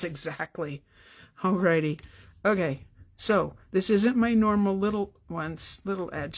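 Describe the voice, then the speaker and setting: A middle-aged woman with a lowish, creaky voice leads a live card-making tutorial in her home craft room. She talks quickly and chattily, tossing in apologetic asides.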